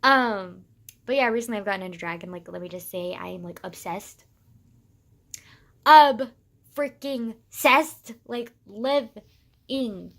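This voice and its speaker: A teenage girl talking casually to camera, gushing and excitable, full of sighs, fillers and swearing. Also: mid-range voice, moderate pace, vocal fry. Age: teens. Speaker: vlogger. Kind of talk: casual rambling vlog.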